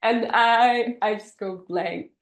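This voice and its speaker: A young woman co-hosting a podcast, telling a dating story with dramatic pauses in casual chat. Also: a little high. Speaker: podcast co-host. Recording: roomy echo.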